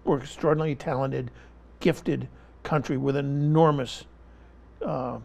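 A man's voice: medium pitch, steady tone, a little slow, gravelly, a little mellow. A man speaking as an interview guest, giving impassioned political commentary in an emphatic style, pressing the same point again and again and talking over interruptions.

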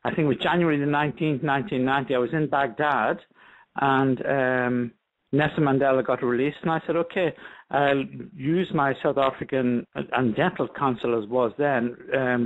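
A man's voice: medium pitch, phone-quality sound. A man with a Northern Irish accent mixed with other accents, a doctor chatting in an interview, rambling with many restarts. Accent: Northern Irish, with a mixed international tint. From Northern Ireland. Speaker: doctor guest. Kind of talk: casual phone interview.

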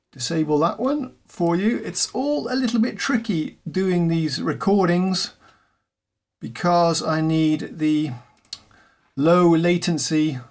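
A man who hosts a piano channel chats casually to camera about his software, in a talkative, self-deprecating way. His voice sits on the high side.

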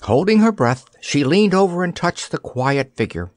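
A man narrating an audiobook in an expressive storytelling manner, on a close studio mic. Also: a little high, normal speed, no echo.

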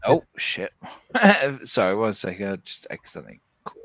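A man's voice: lowish voice, sing-song, normal speed, a bit bright, no room sound. A man co-hosting a game playthrough in easygoing, jokey casual chat. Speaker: co-host playing a video game.

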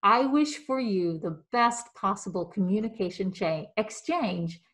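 Middle-aged woman speech coach, clear deliberate diction, mid-pitched, instructional. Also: fairly bright tone. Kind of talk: instructional video.

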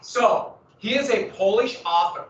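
A man with a high-sitting, slightly bright voice and a measured pace gives a casual, jokey slide presentation to a small group in a room. He's chatty and wanders into tangents, and the recording sounds roomy, distant and slightly dull.

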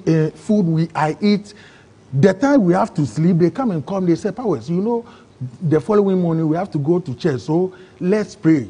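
A man with a Ghanaian English accent, telling his own story in an interview, excitable and acting out other people's words. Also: fairly high pitch, husky. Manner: excitable, acts out quoted voices, broken phrasing. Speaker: interview guest. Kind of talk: emotional personal storytelling.

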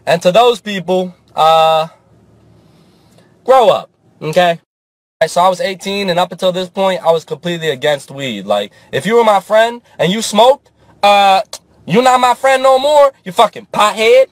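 Young male comedian, raised pitch, dry close sound, profane comic storytelling. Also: moderate pace, no echo. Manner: animated, profane, swings into character voices.

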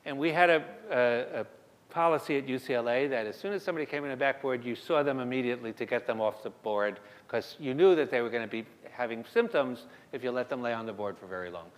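A man's voice: medium pitch, quick pace. A middle-aged man giving a conversational conference lecture, telling stories from his work and often restarting his sentences. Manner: conversational, self-deprecating, frequent restarts. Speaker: emergency medicine lecturer. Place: lecture hall. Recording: long reverb of a lecture hall.

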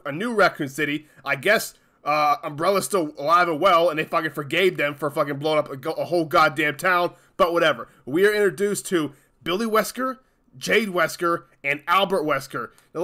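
High-voiced man in a profane rant. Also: sharp tone. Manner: profane, exasperated, emphatic. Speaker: YouTube channel host. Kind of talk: angry ranting commentary.

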